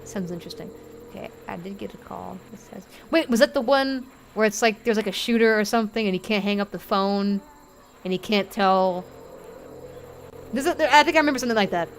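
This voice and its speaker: A woman streaming a game live, chatty and rambling, thinking out loud and easily moved. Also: medium pitch, brisk, a little hiss or hum. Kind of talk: live gameplay commentary.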